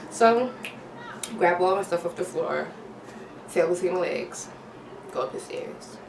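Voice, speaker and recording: A woman's voice: on the low side, takes it slowly, vocal fry, long pauses. A woman vlogger telling a storytime tale, full of slang and sound effects. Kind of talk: storytime vlog. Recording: roomy, distant, noisy home recording.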